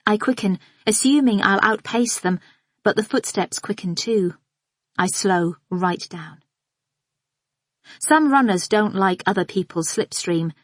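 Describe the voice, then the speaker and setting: A woman narrating a psychological thriller in the first person, with a measured, observant and inward delivery. Her pitch sits in the middle range for a woman. The sound is dry and close, with no room in it. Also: dry recording. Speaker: audiobook narrator.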